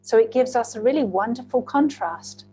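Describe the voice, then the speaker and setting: A woman's voice: fairly high pitch, moderate pace, soft background music, poor audio. A woman hosting a heartfelt casual chat, telling stories animatedly. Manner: animated storyteller, acts out quotes. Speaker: host.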